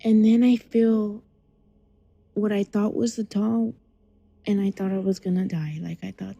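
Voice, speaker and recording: A young adult woman calling in to tell a scary childhood memory in a hushed, dramatic way that often drops to a whisper. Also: mid-range voice, a little slow, gravelly, rough recording. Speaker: caller. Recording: call-in audio.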